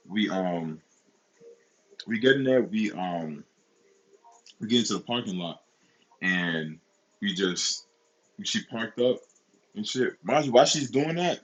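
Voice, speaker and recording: A man's voice: lowish voice, poor audio. A man in his twenties telling a personal story in a casual, rambling, profane way, repeating himself often.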